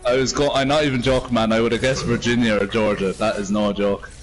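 A man's voice: mid-range voice, level tone, fast talker, music in the background. A man chatting casually and swearing a lot over a headset while gaming. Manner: swears constantly, laid-back. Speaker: gamer.

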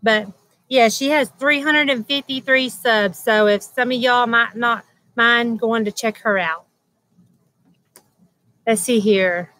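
Slow-talking woman hosting a livestream. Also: on the high side, bright, forceful tone, dry recording, poor audio. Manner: chatty, greets viewers by name, laughs often. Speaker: livestream host. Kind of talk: casual livestream chat. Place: at home beside a loud air conditioner.

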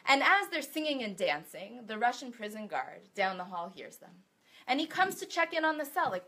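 Woman, storyteller on stage, lively swooping delivery, bright tone, higher voice. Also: moderate pace. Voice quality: expressive, animated storytelling. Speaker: speaker telling a story. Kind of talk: storytelling talk.

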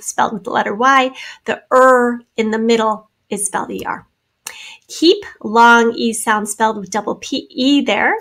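Woman teacher, slightly high voice, slow clear dictation, spelling review lesson. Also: fairly bright tone, low-quality recording. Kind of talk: spelling test and answer review.

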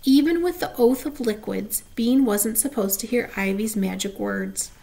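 A woman reading a children's chapter book aloud, gently, with small asides and slips. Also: fairly high pitch, moderate pace, creaky. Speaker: storybook reader.

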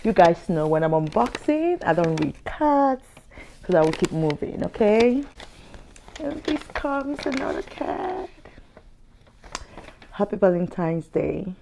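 A woman's voice: mid-range voice, big pitch swings, slow, vocal fry, long pauses, background noise. A young woman vlogger unboxing gifts, exclaiming and gasping over each one. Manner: gushing, lots of exclamations and gasps. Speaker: lifestyle vlogger. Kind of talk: excited unboxing vlog.

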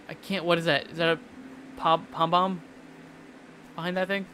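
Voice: mid-range voice, level tone, moderate pace, pauses often, noisy background. A game streamer in casual gameplay commentary, muttering confused questions to themself and rambling about their day. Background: game music.

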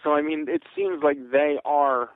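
A man with a gravelly voice chats casually as a podcast co-host, his pitch rising and falling in a lively way. The sound is dry and tinny, like a phone line. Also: moderate pace, no echo. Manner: chatty, imitates lines in high voices. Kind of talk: casual movie review chat.

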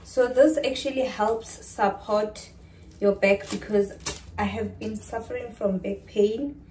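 A young South African lifestyle vlogger chats casually to camera at home, calling her viewers "guys" in South African English. Her medium-pitched voice is steady, slow, and a little mellow. She sounds distant and off-mic in an echoey room, with slight background noise.

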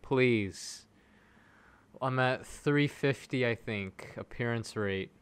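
A young man live-streaming gacha pulls, begging the game for good results, then turning sarcastic, swinging between loud pleading and flat mutters. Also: medium pitch, takes it slowly, clear, resonant tone.

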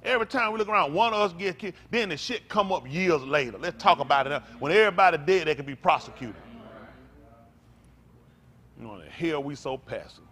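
An older man preaching a fiery, profane rant as pastor, swinging from loud outbursts to low tired mutters. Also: lively intonation, brisk.

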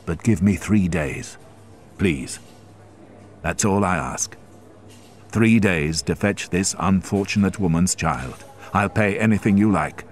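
A man reading a storybook, voicing a dignified gentleman who speaks quietly and pleads. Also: takes it slowly, faint music behind. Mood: pleading. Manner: quiet, pleading, low-voiced. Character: gentle, dignified middle-aged man in trouble.

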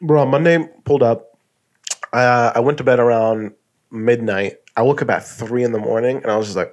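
A man's voice: mid-range voice, normal speed. A young man co-hosting a casual podcast, swearing freely and acting out quotes as he tells stories. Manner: profane, animated storytelling with acted-out quotes. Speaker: podcast co-host. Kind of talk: casual chat.

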